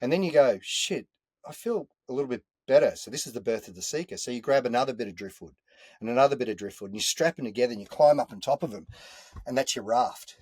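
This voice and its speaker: Earthy, animated Australian man. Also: medium pitch, fast talker, husky, dry recording. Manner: animated, earthy, sprinkles in mild swearing. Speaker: podcast guest. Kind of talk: casual storytelling chat. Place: inside a caravan.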